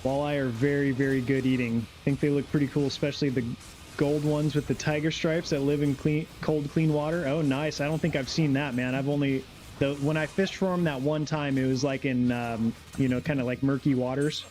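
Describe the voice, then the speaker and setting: A man's voice: medium pitch, fairly even intonation, a little fast, darkish tone, soft background music. A man streaming a game live, chatting casually in a laid-back, rambling way and reading chat aloud.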